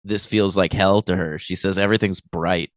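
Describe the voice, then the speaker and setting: A man's voice: sits low, fairly even intonation, moderate pace, no echo, clean studio sound. A man co-hosting a podcast, chatting casually, laughing easily and explaining plot points. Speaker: podcast co-host. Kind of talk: casual recap chat.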